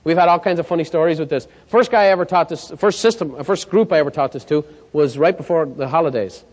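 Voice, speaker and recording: A man's voice: on the high side, fast talker. A man presenting a sales coaching seminar, telling stories and checking in with the audience. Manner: lively storyteller, checks in with the audience. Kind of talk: live seminar talk. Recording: long hall reverb.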